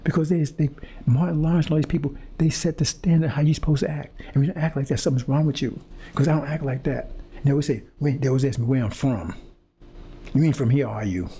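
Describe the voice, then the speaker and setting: He's a fast-talking preacher with a high, mellow voice and a steady tone, addressing his audience in an impassioned, confrontational monologue. Phrases repeat, and he stammers and starts over when words escape him. There's a little hiss or hum on the recording.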